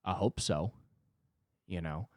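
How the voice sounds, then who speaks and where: A man in his twenties hosting a solo comedy podcast, talking self-deprecatingly and swinging between loud outbursts and low muttering. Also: slow, dry recording, studio quality. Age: 20s. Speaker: podcast host.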